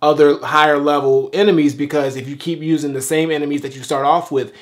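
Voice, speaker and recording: A man's voice: fairly high pitch, flat delivery, brisk. A man giving loose, rambling gameplay commentary as a game reviewer, swearing freely while he plays.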